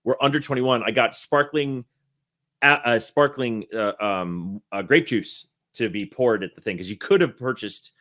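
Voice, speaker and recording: This is a man in his thirties, a guest on an interview, casually recounting a long story with plenty of self-corrections and laughter. He speaks at normal speed in a mid-range, slightly bright voice.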